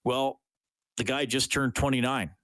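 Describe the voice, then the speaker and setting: A man hosting a sports radio show, talking casually and thinking out loud with frequent restarts. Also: medium pitch, fairly even intonation, unhurried, no room sound. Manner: chatty, thinks aloud with restarts. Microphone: studio microphone.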